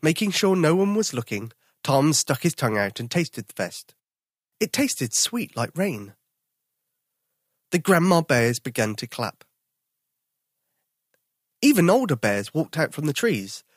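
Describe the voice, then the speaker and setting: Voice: mid-range voice, a little slow, long pauses, no room sound, clean studio sound. A storyteller reading a bedtime picture book aloud to young children. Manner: expressive.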